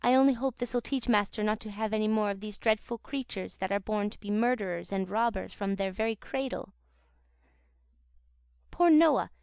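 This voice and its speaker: A woman's voice: medium pitch, moderate pace, creaky, darkish tone, clear, resonant tone, no echo, studio quality, natural voice. A woman reading an audiobook, voicing a sturdy servant girl who screeches insults and fusses over her mistress. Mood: fussing. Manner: screeching, indignant. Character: sturdy, shrill, scolding servant girl Charlotte.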